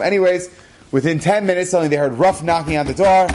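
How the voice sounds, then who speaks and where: A man, a rabbi, telling an inspirational story in an animated, casual way, acting out the dialogue. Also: on the high side, fast.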